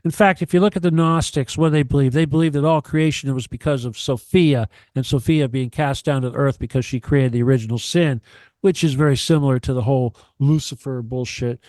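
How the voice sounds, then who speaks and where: A man's voice: medium pitch, steady tone, a little fast, a little mellow, no room sound. A man ranting on a radio talk show, profane and emphatic, lecturing and repeating himself.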